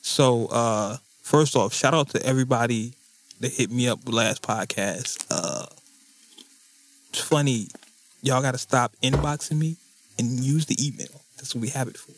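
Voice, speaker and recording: A man's voice: medium pitch, measured pace. Hyped joking podcast host man. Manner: joking, hype, playful. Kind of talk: casual podcast banter.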